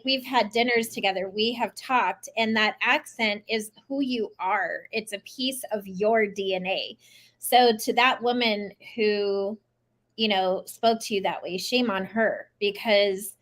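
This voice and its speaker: A woman's voice: mid-range voice, a bit bright. A woman hosting an interview, affirming and encouraging her guest. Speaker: host. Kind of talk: casual interview.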